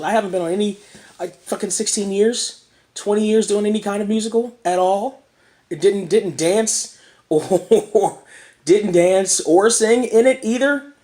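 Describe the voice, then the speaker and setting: A man in his thirties with a hoarse voice, rambling through a casual self-deprecating vlog monologue and often clearing his throat. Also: a little high. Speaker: vlogger.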